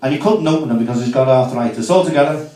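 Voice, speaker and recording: A man's voice: mid-range voice, fast, mellow. A man doing a cheeky, chatty stand-up set at a comedy club, with asides to the crowd. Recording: echoey room, mic from far off.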